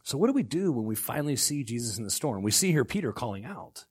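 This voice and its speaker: A middle-aged man preaching a sermon as pastor, swinging between loud outbursts and hushed lines. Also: mid-range voice, very animated, fast talker, slightly rough.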